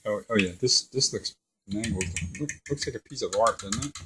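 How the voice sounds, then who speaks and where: A man's voice: lowish voice, fairly quick, noisy background. A middle-aged man cooking at home with his son, chatting casually and telling a story with lots of laughs. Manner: chatty, animated storyteller who laughs often. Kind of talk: casual kitchen chat. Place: home kitchen beside a deep fryer.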